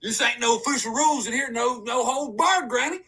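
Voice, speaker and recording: A man's voice: very high-pitched, fairly quick, voice pushed up, heavily acted. A man playing a rowdy trash-talking grandson. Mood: rough. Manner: rough, loud trash talk. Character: rowdy young grandson wrestling his granny.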